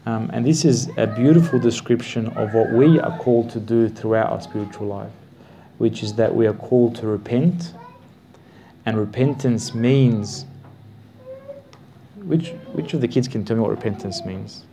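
Mellow-voiced man teaching Bible study. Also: fairly low pitch, slight background noise. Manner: slow, emphatic stresses with repetitions.

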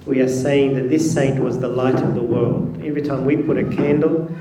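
A man, a priest, giving a sermon in a halting way with many fillers and restarts. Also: mid-range voice, fairly even intonation, dark tone, a little hiss or hum. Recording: distant mic in an echoey room.

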